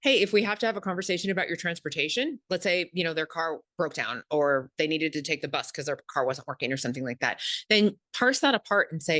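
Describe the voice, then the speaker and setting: A woman guest talking through workplace advice in a low-leaning voice, animated as she acts out little exchanges. The sound is dry and close, with no room around it. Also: fast, hardly any pauses, no echo. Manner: animated, acts out example dialogue. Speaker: communication expert guest. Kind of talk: explanatory interview talk.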